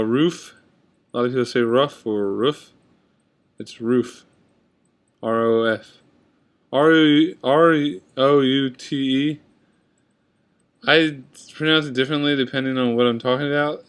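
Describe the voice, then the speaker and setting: A man's voice: medium pitch, a bit bright, clear, resonant tone. Casual man reading a word list. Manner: reads word list, comments offhand. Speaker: vlogger. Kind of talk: casual accent tag video. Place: indoors at a computer. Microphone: webcam at computer.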